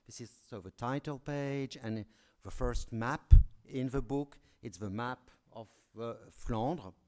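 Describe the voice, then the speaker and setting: A man's voice: mid-range voice, slow pace, a little mellow. Hesitant man with a French accent. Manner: hesitant, many restarts and fillers; apologetic, self-deprecating humor. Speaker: academic speaker. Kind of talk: conference talk.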